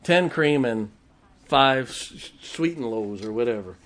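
A man's voice: medium pitch, lively intonation, unhurried, fairly bright tone. An older man preaching a sermon, telling folksy stories and laughing as he goes. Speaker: pastor.

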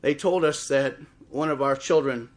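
A middle-aged man preaching a sermon in church, impassioned and swelling toward shouts. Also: medium pitch, moderate pace. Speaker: pastor. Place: church service before a congregation.

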